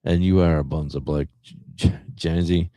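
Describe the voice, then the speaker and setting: Australian man, very deep voice, mellow tone, dry close sound, rambling livestream chat. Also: fairly even intonation, normal speed, dry recording. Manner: rambling, many fillers and restarts. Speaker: livestream host. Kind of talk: casual chat reading a live chat.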